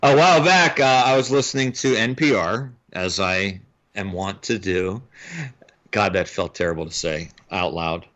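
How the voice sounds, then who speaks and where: Bright, rambling male podcast co-host. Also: low voice, moderate pace. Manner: rambling, restarts, laughs easily. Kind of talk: casual film chat. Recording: slightly dull lo-fi audio.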